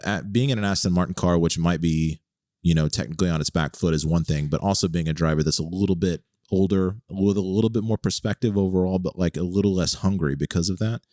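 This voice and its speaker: A man's voice: low voice, quick pace, mellow, dry recording, clean studio sound. A man hosting a casual podcast chat, musing aloud with hesitant restarts. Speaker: podcast host.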